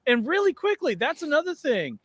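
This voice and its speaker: A tired man chatting casually about football on a fan show, stammering and restarting as he gets animated. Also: very high-pitched, brisk, no echo. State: tired after a night out. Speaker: regular panelist on a fan show.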